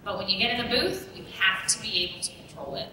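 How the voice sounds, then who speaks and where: A woman with a slight Texas drawl, chatting on a convention panel in an animated way with playful asides. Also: mid-range voice, fast. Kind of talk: panel Q&A answering audience. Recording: echoey hall, distant mic, steady noise.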